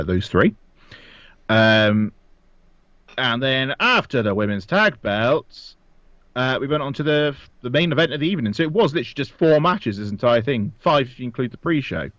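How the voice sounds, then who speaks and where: A man's voice: medium pitch, animated, normal speed, fairly bright tone, dry recording, dull audio. A man co-hosting a casual wrestling review podcast, rambling with lots of fillers and frequent laughs. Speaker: podcast co-host. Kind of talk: casual chat.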